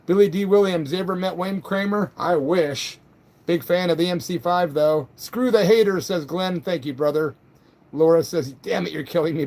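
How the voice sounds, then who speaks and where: High-voiced, profane livestream host. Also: male voice, a little mellow. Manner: loose and profane, quick to flare up then laugh it off. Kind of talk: casual live-stream chat reading comments.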